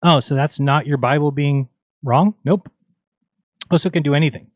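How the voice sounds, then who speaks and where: A man with a slightly high voice hosts a livestream at a moderate pace, ranting casually in an exasperated, mocking and argumentative way. The audio is studio quality with no room sound.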